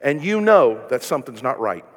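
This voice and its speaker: A pastor preaching a sermon, firing rhetorical questions at the congregation and swinging between loud emphasis and hushed, tender passages. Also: male voice, medium pitch, sing-song, normal speed, in a large hall.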